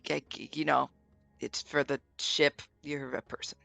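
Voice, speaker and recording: A woman with a gravelly, bright, edgy voice plays her character at a tabletop game, blunt and teasing, with giggles between lines. The recording is dry and close, with faint music behind her. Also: low voice, level tone, measured pace, no echo. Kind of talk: in-character tabletop role-play.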